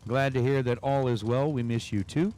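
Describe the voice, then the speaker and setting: A man's voice: mid-range voice, normal speed, mellow. A man announcing drag races on a livestream, calling numbers and chatting with viewers between runs. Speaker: race announcer. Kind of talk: livestream race commentary with chat.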